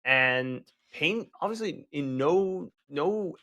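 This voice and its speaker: A man's voice: fairly high pitch, expressive, slow pace, bright, forceful tone, dull audio. A man giving colour commentary on an esports match, breaking down the game in a casual, chatty way with many restarts. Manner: casual, analytical, with fillers and restarts.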